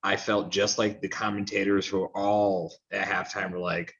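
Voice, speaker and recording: A man's voice: fairly low pitch, little pitch movement, normal speed, hardly any pauses, fairly bright tone, lo-fi sound. A man co-hosting a soccer talk show, giving frank, opinionated takes in a rambling casual way. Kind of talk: casual sports chat.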